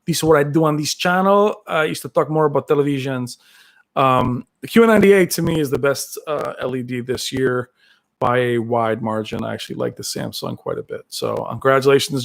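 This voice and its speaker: A man's voice: medium pitch, fairly quick, gravelly. A man hosting a casual live-stream chat, reading viewer comments and rambling on with many fillers and restarts. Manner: does brief movie-quote impressions. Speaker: tech channel host reading live chat.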